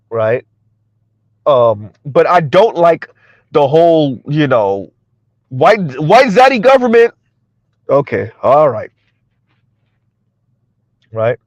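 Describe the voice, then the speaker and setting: Animated, high-voiced man mocking his target. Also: slow pace, pauses often, no room sound, dull audio. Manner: animated, mocking, stammering repeats. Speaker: commentary vlogger. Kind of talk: reaction commentary.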